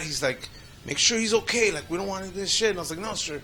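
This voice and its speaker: High bright dude on a podcast, swears a ton, laughs through his stories. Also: very fast. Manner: profane, laughing storyteller, acts out others' lines. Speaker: podcast co-host. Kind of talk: casual storytelling chat.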